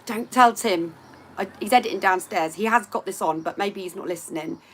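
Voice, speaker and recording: A woman's voice: mid-range voice, fairly quick, a bit bright, husky. A woman hosting a casual live stream from home by a window, chatting to viewers in a rambling way and reading out their comments.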